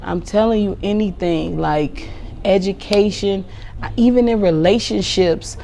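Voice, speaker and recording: A woman in her forties hosting a podcast, talking casually about raising kids with a sarcastic, animated way of telling stories. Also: mid-range voice, measured pace, vocal fry, a little hiss or hum. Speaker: podcast host.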